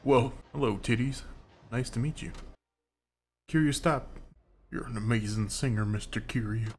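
A young man provides crude, jokey gameplay commentary as a let's play commentator, with game music in the background. He speaks at medium pitch and a moderate pace, with a little hiss or hum in the recording.

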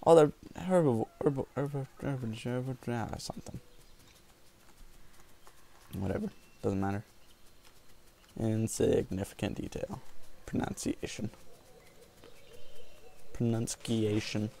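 A man giving jokey, rambling let's-play commentary on a video game, with sudden whoops and yells. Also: mid-range voice, normal speed, gravelly, long pauses, a little hiss or hum. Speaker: gaming video host.

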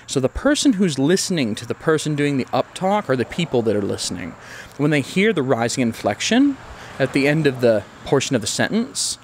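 A man hosting his own channel, giving an opinion commentary in a blunt, emphatic, lecturing way. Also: medium pitch. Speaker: YouTube channel host.

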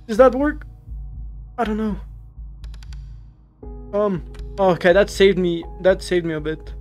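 A young man who is not a native English speaker, playing a horror game and reacting out loud, easily startled and talking to the characters on screen. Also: high-pitched, expressive, takes it slowly, long pauses, soft background music. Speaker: gaming YouTuber.

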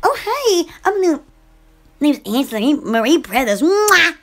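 A young woman from Alabama chatting casually on a live stream, greeting viewers in a scattered, excitable way. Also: sits high, measured pace. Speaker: channel host.

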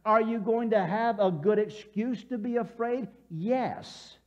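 A man's voice: high voice, takes it slowly, a little mellow. A man preaching a sermon as pastor, telling scenes vividly and acting out voices, leading the congregation to repeat lines back. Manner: leads congregation call-and-response. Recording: dull lo-fi church broadcast audio.

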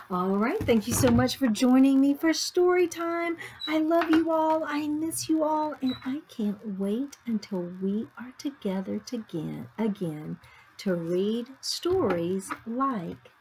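A woman teacher reading a picture book aloud to children, animated and asking them questions. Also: a little high, takes it slowly, slight background noise. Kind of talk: children's story time read-aloud.

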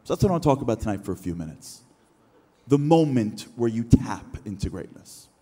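A man delivering a motivational keynote speech, animated and acting out imagined inner voices. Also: fairly quick, breathy edge. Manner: animated, acts out imagined thoughts with rising pitch. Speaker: keynote speaker. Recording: reverberant hall.

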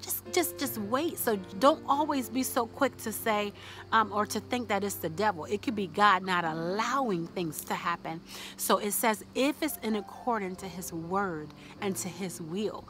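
A woman's voice: mid-range voice, moderate pace, fairly bright tone, faint music behind. A woman vlogging casually about her faith, chatty and encouraging, with many fillers.

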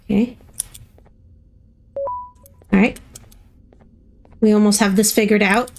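A woman's voice: mid-range voice, steady tone, slow pace, slight background noise. A woman hosting a gaming video, giving chatty let's-play commentary and playfully reacting to herself as she plays.

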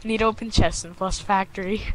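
A young woman chatting casually with friends during an online game, telling quick stories. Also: medium pitch, fairly even intonation, a crowd in the background, rough recording. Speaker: gamer. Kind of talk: casual gaming chat.

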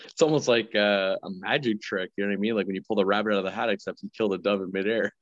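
A man's voice: on the low side, rapid-fire, no echo, dull audio. A man as a guest on a podcast, chatting casually and rambling with many fillers. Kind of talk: casual chat.

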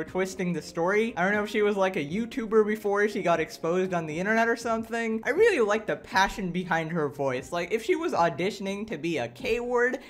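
A man commenting on a video, joking and incredulous, with lots of "like". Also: sits high. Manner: joking, incredulous, filler-heavy. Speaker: reaction commentator.

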